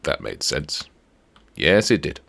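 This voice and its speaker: A man with an extremely low voice talks through a game in a loose, chatty way. His pitch swings widely as he jokes with himself while building. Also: very animated, slow pace, vocal fry, a bit bright. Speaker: let's play host. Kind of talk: casual gameplay commentary.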